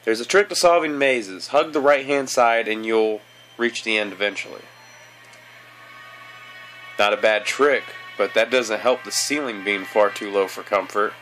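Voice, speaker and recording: A man reading a gentle, protective young man. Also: on the low side, a little slow, faint music behind. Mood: calm. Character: protective young man companion, polite, calm. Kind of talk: reading game dialogue aloud.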